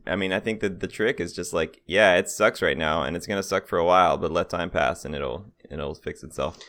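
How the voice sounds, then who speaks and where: A man's voice: low-pitched, a little fast, a bit bright. A young adult man co-hosting a podcast, chatting casually, laughing often and telling stories. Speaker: podcast co-host. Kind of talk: casual chat.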